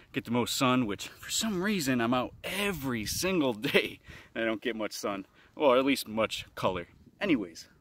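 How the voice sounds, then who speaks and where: A man's voice: mid-range voice, fairly bright tone. Casual rambling young man vlogging. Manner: rambling, acts out little greetings in a livelier voice. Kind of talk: casual self-help talk to camera. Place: at home.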